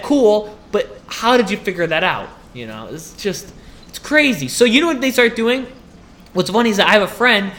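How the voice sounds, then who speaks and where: A young man with a fairly high voice hosts his own podcast and rants animatedly. His tone is bright and sharp, and he complains freely while breaking into laughter as he goes. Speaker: podcast host. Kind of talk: casual solo rant.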